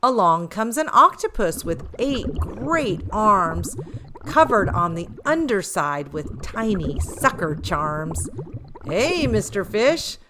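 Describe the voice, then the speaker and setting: A woman reading a rhyming picture book aloud as a storyteller, expressive and rhythmic. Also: medium pitch, takes it slowly, background noise.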